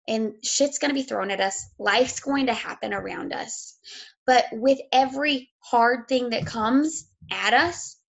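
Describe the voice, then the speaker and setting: A woman's voice: a little high, creaky. A woman, a fitness coach giving a blunt, emotional motivational talk, sick and close to tears, swearing freely.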